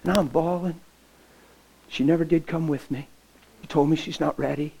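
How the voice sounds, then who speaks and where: A man's voice: on the high side, steady tone, moderate pace, vocal fry, warm tone, husky, low-quality recording. A middle-aged male pastor preaching, telling a personal story with feeling and acting out the dialogue, often dropping to a near whisper. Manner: emotional, acts out dialogue, drops to near whisper. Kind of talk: sermon storytelling.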